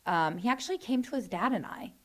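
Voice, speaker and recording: A woman's voice: a little high, expressive, fast. Middle-aged mother speaking earnestly. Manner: reflective, defends her son. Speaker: interview guest, mother. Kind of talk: earnest conversation.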